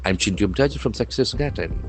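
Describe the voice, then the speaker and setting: A man with an Indian English accent teaching English vocabulary from the day's newspaper, spelling words letter by letter and repeating them slowly for practice. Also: on the low side, animated, gravelly. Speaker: English trainer. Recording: faint music behind.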